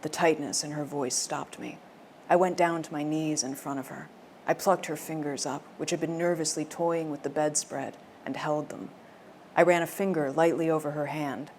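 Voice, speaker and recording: A woman voicing a male romance audiobook narrator who reads in a confident alpha-hero American accent, low and hushed. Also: fairly even intonation, normal speed, slight background noise, close to an everyday voice. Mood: sultry. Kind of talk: audiobook narration within a novel reading.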